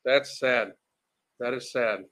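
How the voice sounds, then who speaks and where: A man's voice: medium pitch, slow, pushed and bright. A man hosting reaction commentary, ranting bluntly and swearing often. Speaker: commentary host.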